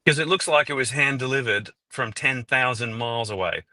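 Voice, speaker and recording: A man from Melbourne with an Australian accent, bantering and teasing in a deadpan, joking way on a livestream. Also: mid-range voice, brisk, no room sound.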